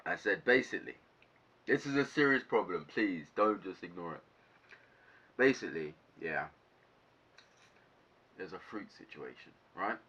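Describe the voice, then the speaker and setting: Young man ranting, bright voice. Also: sits low, measured pace, long pauses, husky. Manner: animated, swearing, ranting. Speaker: vlogger. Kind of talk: casual storytime monologue. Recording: dull lo-fi sound.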